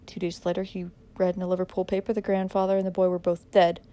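A woman narrating a dramatic audiobook in a measured way, pressing harder in tense moments. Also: on the low side, completely flat delivery, warm tone.

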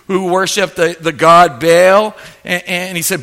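A male pastor preaching with playful humor, retelling a story in an animated, joking way. His voice is high and has a bright, forceful edge. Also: measured pace, hardly any pauses. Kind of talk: sermon.

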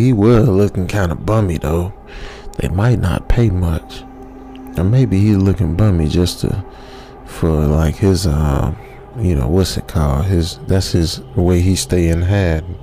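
A man's voice: low-pitched, mellow, slight background noise. Rambling man telling a horror story. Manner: rambling and chatty, tags lines with "man", laughs at his own jokes. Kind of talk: casual spoken horror storytelling.

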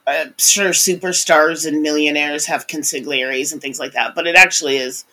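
A woman's voice: low-pitched, steady tone, moderate pace, bright, forceful tone. A woman from the United States co-hosting a podcast in casual chat, laughing often and talking expressively. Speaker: podcast co-host.

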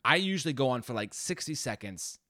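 A man's voice: mid-range voice, sing-song, brisk, sharp tone, dry recording, studio quality. A man co-hosting a podcast, chatting casually with lots of restarts and casual swearing. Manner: rambling, frequent restarts and laughter. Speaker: podcast co-host. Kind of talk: casual chat.

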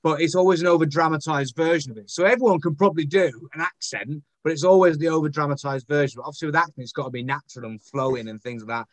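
A man's voice: on the high side, fast, few pauses, no echo. Rambling Northern English man, dry sound. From Northern England. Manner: rambling, self-deprecating, many fillers. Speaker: guest, actor and poet. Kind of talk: casual podcast interview.

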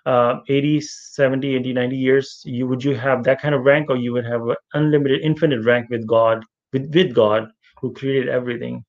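A man's voice: mid-range voice, darkish tone, lo-fi sound. A man leading an online religious study group, talking earnestly and repeating phrases for emphasis. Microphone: online voice chat.

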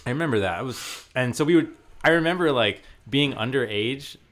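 A man's voice: medium pitch, expressive, a little fast, a bit bright, a little hiss or hum. A man from Arizona telling a work story in casual chat, rambling with lots of fillers and swearing. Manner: rambling, filler-heavy, profane, laughs often. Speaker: podcast co-host telling a story.

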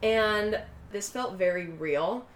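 A woman casually recapping a film, acting out the characters' lines in quick voices as she tells it. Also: mid-range voice, roomy sound, a little hiss or hum. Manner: animated retelling, acting out quotes in quick voices. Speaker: podcast co-host recapping a film. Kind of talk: casual chat.

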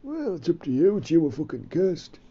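Male comic as his cheeky alter ego; high, husky, lively pitch, mocking. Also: moderate pace, dull audio. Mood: teasing.

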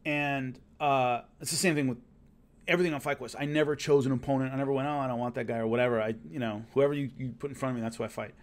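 A man casually recounting his fighting days, lively and acting out what others said, with hiccups. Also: mid-range voice, quick pace. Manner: animated, acts out quotes of others. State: has hiccups. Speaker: former show fighter telling stories. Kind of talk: casual storytelling.

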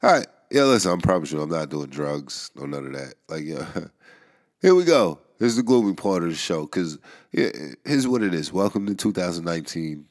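Congested, rambling deep-voiced man. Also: sing-song, normal speed. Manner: rambling, wry, laughing between thoughts. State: congested, nasal from a cold. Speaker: podcast host. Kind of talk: casual monologue. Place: New York area.

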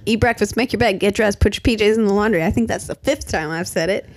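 A woman's voice: mid-range voice, fast, no room sound, studio quality. A woman in her thirties co-hosting a casual chat, easily amused and giggling, talking through a family daily schedule like she talks to her kids. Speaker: podcast co-host.

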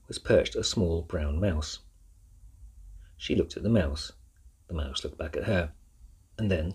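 A man narrating a children's fantasy book with a steady storytelling manner. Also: low voice, slightly rough. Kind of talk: audiobook narration.

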